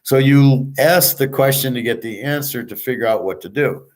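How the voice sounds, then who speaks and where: A man's voice: mid-range voice, normal speed. A middle-aged man talking bluntly in a rambling personal monologue, frustrated, swearing freely and restarting his sentences often. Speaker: channel host.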